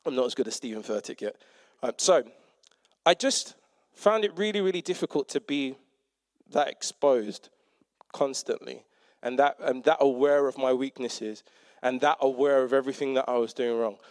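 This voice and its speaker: This young man, a preacher and teacher, talks at normal speed and medium pitch in a dry, clean studio recording. His conversational sermon is a story told with animated, self-mocking humour, and he performs each character's quoted lines.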